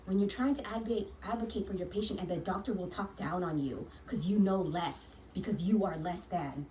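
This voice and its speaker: A woman's voice: fairly low pitch, a little fast, warm tone, distant mic, a little hiss or hum, poor audio. A woman who works as a nurse, telling a personal story frankly and heatedly, swearing often and restarting her sentences.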